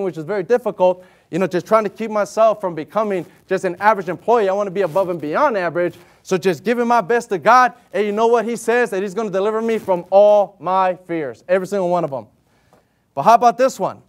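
Man, high voice, sermon, earnest, conversational, emphatic stresses, slow measured scripture reading. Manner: reads scripture in slow, measured King James cadence. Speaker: lay preacher.

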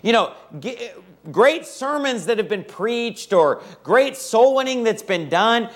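A man's voice: extremely high pitch, expressive, slow, a bit bright. A man preaching a sermon, reading scripture aloud and emphatically repeating his key points.

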